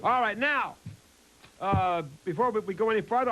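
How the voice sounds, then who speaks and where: A man hosting a combative talk show, mocking letter writers and shouting his opinions. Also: extremely high pitch, brisk, long pauses, heavy background noise. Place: TV studio with live audience. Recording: loud cheering studio crowd.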